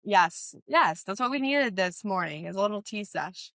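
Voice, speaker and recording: A woman's voice: mid-range voice, animated, normal speed, a bit bright, no room sound. A young woman hosting a casual podcast as a wedding planner, chatty with lots of "um" and "like". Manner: chatty, many fillers like "um" and "like".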